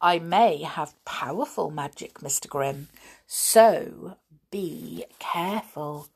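A woman voicing a mischievous, boastful male pixie in a storybook reading, talking in an excited, cheeky way. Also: deep voice, slow, breathy edge, exaggerated voice. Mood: gleeful.

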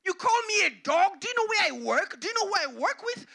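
A man voicing a proud, indignant woman who pleads for her sick child in a sermon, with shrill, rapid-fire questions. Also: sing-song, fairly bright tone, slightly rough, full character voice.

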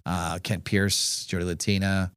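Middle-aged anchorman trailing off softly. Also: low voice, flat delivery, unhurried, clean tone, no room sound, clean studio sound. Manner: hesitant fillers, voice drops quieter at phrase ends. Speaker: TV news anchor. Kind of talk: casual chat. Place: TV station studio.

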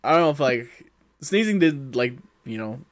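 A man co-hosting a podcast over a voice call, laid-back and quick to laugh, reading out questions and griping about pet peeves. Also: mid-range voice, animated, no room sound. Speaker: podcast co-host. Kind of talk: casual chat. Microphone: recorded over a voice call.

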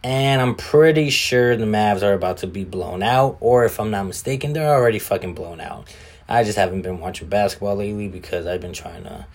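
A man hosting a casual solo podcast, rambling in a laid-back, profane way. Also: low voice. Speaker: podcast host.

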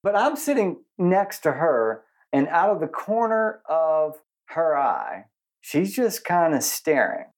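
A man's voice: a little high, slow. A man co-hosting a podcast in casual chat, telling self-mocking stories and stressing unusual words. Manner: animated storyteller who stresses unusual words; self-mocking, laughs often. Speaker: podcast co-host.

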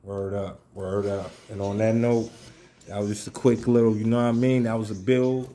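Laid-back man with a mellow voice. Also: on the low side, level tone, normal speed. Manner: loose, profane street talk with many fillers. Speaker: podcast host. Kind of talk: casual podcast chat.

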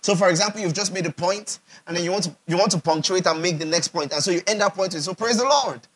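Here a Nigerian pastor preaches quickly in a high-sitting, somewhat bright voice with a breathy edge and fairly even intonation. He speaks emphatically and repetitively, repeating phrases for effect and posing questions to see if the audience understands.

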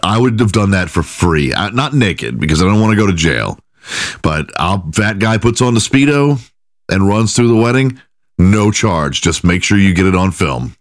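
A man's voice: sits low, sing-song, normal speed, no echo, clean studio sound. A man hosting a solo comedy podcast, talking crudely and profanely with frequent laughing asides. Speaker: podcast host. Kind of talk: comedic monologue.

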